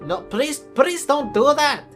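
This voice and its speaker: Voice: high-pitched, very animated, slow, a bit bright, exaggerated voice. A performer voicing an indignant churchgoing sister who scolds her brother in a stammering, accusing manner, over music. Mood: outraged. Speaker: church member. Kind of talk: comedy sketch acting.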